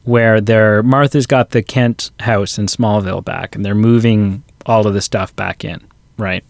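A man's voice: fairly low pitch, fairly even intonation, unhurried, creaky, no room sound. A man co-hosting a podcast, chatting casually about a film and retelling scenes with quoted lines. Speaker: podcast co-host. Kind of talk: casual movie review chat.

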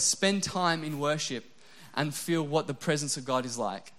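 A young adult male pastor delivers a relaxed, joking sermon. His voice sits fairly high for a man, and he is quick to poke fun at himself, peppering his talk with "like" before turning earnest. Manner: casual, self-mocking humor with frequent "like" fillers.

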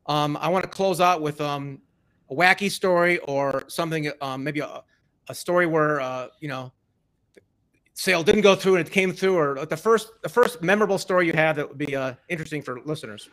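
A man hosting a casual interview, asking questions with many ums and pauses. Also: fairly high pitch, a bit bright. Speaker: podcast host.

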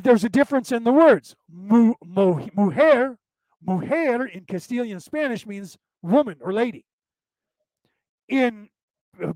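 A man's voice: high voice, a little mellow, no echo, poor audio. A man hosting a podcast class, giving an informal, rambling lecture full of fillers and restarts, blunt and at times profane. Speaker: podcast host teaching a class.

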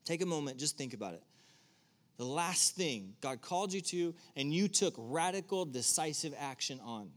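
A man's voice: on the high side, expressive, moderate pace. A man preaching to a room, talking casually and putting direct questions to his listeners. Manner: conversational, asks the audience direct questions. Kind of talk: sermon. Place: church room with an audience.

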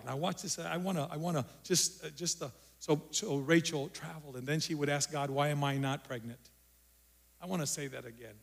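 A male pastor preaching a sermon, repeating phrases and moving between loud emphasis and quiet. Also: mid-range voice, gravelly.

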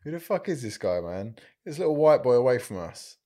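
A man's voice: medium pitch, big pitch swings, a little fast, warm tone, lightly acted. A man playing a hostile young gang leader in his own normal voice, with an aggressive, challenging manner.

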